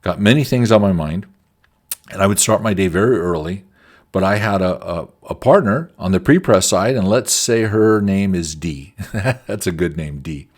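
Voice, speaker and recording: In a low, animated voice at an ordinary pace, a man teaches quality management by telling stories from his own job. The lecture feels conversational and anecdotal.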